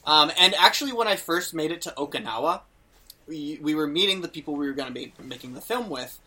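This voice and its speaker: Young male podcast host, bright tone, slightly high, casual anecdote style. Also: fast talker. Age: young adult. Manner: animated, acts out quotes, many fillers. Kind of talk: casual storytelling chat.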